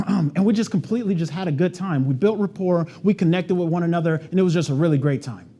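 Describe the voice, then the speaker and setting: Fast-talking man giving a keynote story. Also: high voice. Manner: casual and animated, heavy on "like" and "right?". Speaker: conference presenter. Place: event stage before an audience.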